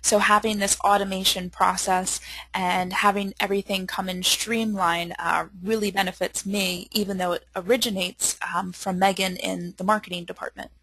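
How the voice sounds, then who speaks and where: A woman from the sales side helping with a software demo, speaking in an easygoing, measured way. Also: mid-range voice, level tone, breathy edge, no room sound, poor audio. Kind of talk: product demo commentary.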